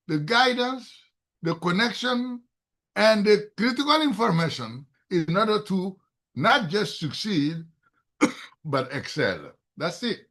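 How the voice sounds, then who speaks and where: Excitable, high-voiced older man lecturing. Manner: excitable, emphatic lecturing that rises loudly when stirred. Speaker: STEM mentor presenting a program. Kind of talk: online presentation on a video call. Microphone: video call.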